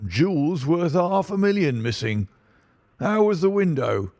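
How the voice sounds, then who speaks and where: A man voicing a stout, blustering middle-aged police inspector with a muffled, husky, wheezing voice in an audiobook. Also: fairly high pitch, expressive, unhurried, darkish tone, no room sound, pitched above the performer's own voice. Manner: pompous, brash and self-satisfied. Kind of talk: audiobook reading.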